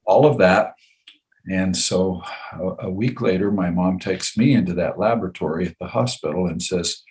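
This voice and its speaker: An older man in his seventies with a very low voice recounts a story from his own life in relaxed conversation. He repeats phrases for effect and chuckles often as he talks. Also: moderate pace. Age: 70s. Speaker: guest storyteller.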